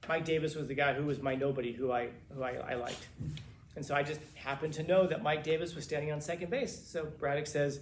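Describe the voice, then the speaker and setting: A man who teaches, from Los Angeles, telling his students a long story in a casual, animated way, quoting the people in it. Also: a little high, brisk, echoey room, slight background noise. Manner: casual, animated retelling with quoted dialogue. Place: classroom.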